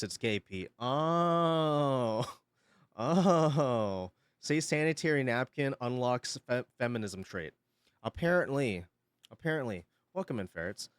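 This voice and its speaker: A man livestreaming and chatting casually with his viewers, telling an animated story while swearing freely and laughing often. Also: fairly high pitch, dry recording, studio quality. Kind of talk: casual stream chat.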